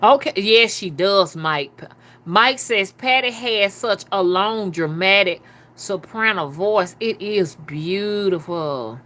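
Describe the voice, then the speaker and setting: A woman's voice: medium pitch, slow pace, sharp tone. A woman hosting a casual livestream, reading viewer comments aloud in a loose, talkative manner. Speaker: livestream host.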